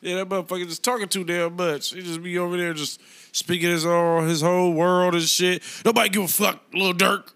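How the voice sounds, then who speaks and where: Bright joking high-voiced man. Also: little pitch movement, fairly quick, clear, resonant tone. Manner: joking, rambling, slangy. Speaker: podcast co-host. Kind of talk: casual chat.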